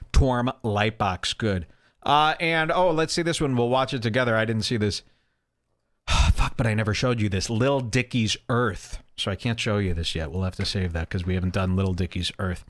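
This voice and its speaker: Nursing a headache, an internet radio host rambles through irreverent commentary, mocking and scolding as he goes. His voice has a medium pitch and a fairly bright tone.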